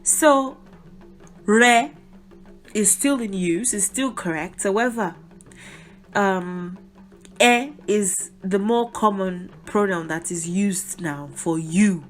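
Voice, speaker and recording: A woman's voice: medium pitch, slow pace, long pauses. A middle-aged woman, teaching a language lesson in a chatty way, with asides. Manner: chatty, explains with asides and small laughs.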